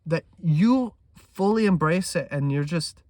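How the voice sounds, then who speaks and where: A man vlogging about trading in an intense monologue, swearing freely and swinging between loud emphasis and hushed talk. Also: a little high, expressive, a little slow, no room sound.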